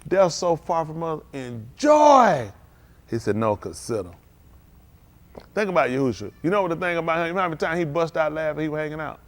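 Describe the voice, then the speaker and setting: A man preaching a live-streamed sermon at a synagogue service, in a folksy, conversational way, asking the congregation questions and now and then breaking into loud outbursts. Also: a little high, rapid-fire, few pauses.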